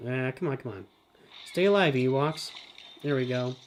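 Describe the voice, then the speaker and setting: A middle-aged man hosting a live game stream. He gives running commentary, often calls himself by name in the third person, and breaks into excited shouts. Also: mid-range voice, moderate pace, a little hiss or hum. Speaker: streamer host.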